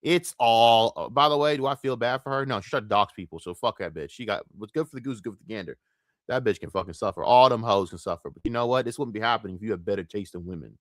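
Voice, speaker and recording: A lowish male voice, heated and profane, venting at length on a commentary stream. The sound is close and dry, with no room behind it. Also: fast talker, no echo. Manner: profane, heated, exasperated ranting.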